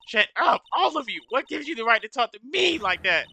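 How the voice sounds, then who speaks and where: A man's voice: very high voice, sing-song, a little fast, gravelly, pushed and bright, pitched above the performer's own voice, heavily acted. A man voicing a spiteful, whiny young woman witness in a video game, shrieking and stammering with indignation. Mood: furious.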